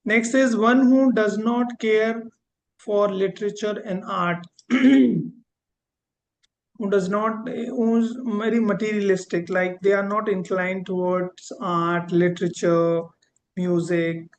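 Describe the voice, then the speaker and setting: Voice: mid-range voice, steady tone, takes it slowly, slight background noise, rough recording. A teacher giving a vocabulary lesson, repeating each word and drawing out key terms. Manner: repeats words, spells them out and drags out key terms. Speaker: English teacher.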